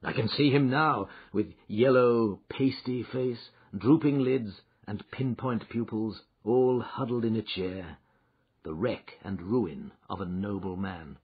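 A man giving an expressive, dramatic reading of a classic detective story, in a dull lo-fi recording. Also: lowish voice, takes it slowly, husky. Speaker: audiobook narrator. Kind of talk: scripted narration of a classic story.

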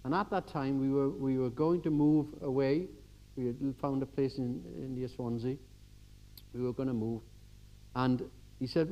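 An older man giving a church sermon, telling everyday stories and swinging from quiet asides to emphatic exhortation. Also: mid-range voice, fairly even intonation, moderate pace, muffled recording. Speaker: preacher.

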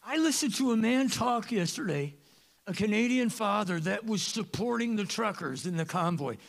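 A man preaching a sermon as pastor of a church, animated and joking, with sudden loud bursts. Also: sits high, moderate pace, vocal fry. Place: church sanctuary.

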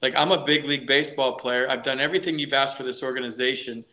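Man, middle-aged, bright tone, animated storyteller, podcast interview guest, frequent restarts. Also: mid-range voice, fast. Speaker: guest, former ballplayer and broadcaster.

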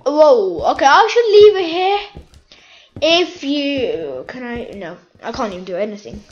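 A woman giving casual, excitable commentary while playing a shooter game, pleading with the game and cheering her kills. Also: high voice, measured pace, highs cut off. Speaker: gaming YouTuber.

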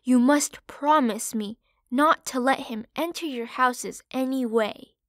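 A woman voicing an aging mother pig who is caring and worried, speaking softly and slowly in an audiobook. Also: high-pitched, dry recording, studio quality. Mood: gentle worried. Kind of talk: audiobook character voice.

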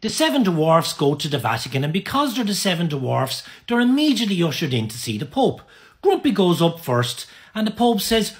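Lively man telling a joke. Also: fairly high pitch, a little fast. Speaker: joke teller. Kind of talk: told joke.

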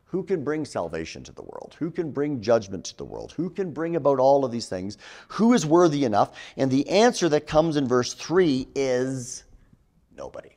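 A man's voice: mid-range voice, normal speed. Middle-aged guy teaching a bible class, voice swings up and down a lot, keeps asking right?. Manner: animated teaching with frequent "right?" tags. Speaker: theology lecturer. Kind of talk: classroom lecture.

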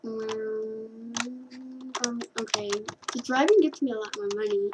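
Rambling high-voiced woman narrating gameplay. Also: measured pace. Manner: rambling, chatty, self-correcting. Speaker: gameplay commentator. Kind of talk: casual gameplay commentary. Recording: keyboard clicks and clear background noise.

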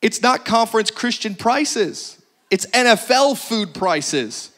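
High-voiced joking man pastor. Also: lively intonation, slow, a bit bright. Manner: joking, playful, exaggerating for laughs. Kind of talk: humorous practical announcements to a congregation.

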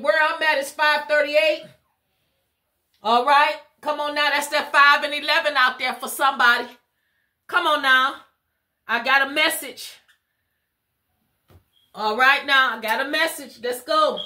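Woman, live spiritual reader; rhythmic call-and-response delivery, loose and conversational, high voice. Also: pushed and bright. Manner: casual and chatty. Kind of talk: live spiritual tarot reading.

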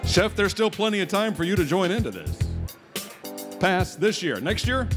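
A man's voice: high-pitched, very animated, moderate pace, over music. A man emceeing a live food-eating contest, joking with contestants and hyping up the crowd. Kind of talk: live event announcing on a PA.

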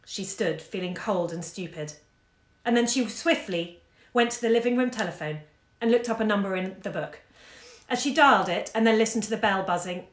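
A woman reading a short story aloud, measured and expressive, growing soft in the sad parts. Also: medium pitch. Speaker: bookshop owner reading aloud. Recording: roomy echo.

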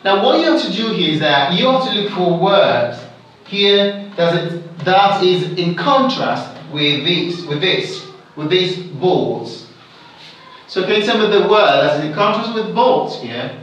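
A man's voice: high-pitched, expressive, measured pace, fairly bright tone, distant mic. A man with a Nigerian English accent teaching an exam English lesson, repeating example sentences with shifting stress. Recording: echoey room, away from the mic.

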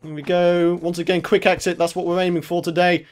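A young man commentating his own gameplay, excitable, laughing often and shouting when in trouble. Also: sits high, fairly quick, soft background music. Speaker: gaming channel host. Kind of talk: let's play commentary.

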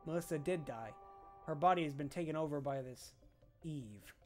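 A man's voice: on the high side, moderate pace, soft background music, voice pushed down, close to an everyday voice. A man reading a reserved young female officer's lines in a subdued, terse way while playing a game.

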